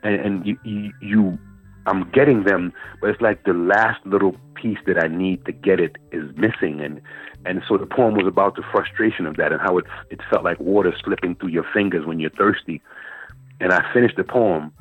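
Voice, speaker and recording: Man, guest poet, animated storyteller, deep voice, faint music behind, tinny phone sound. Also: moderate pace, breathy edge. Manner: animated storyteller, repeats words while searching. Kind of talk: storytelling interview.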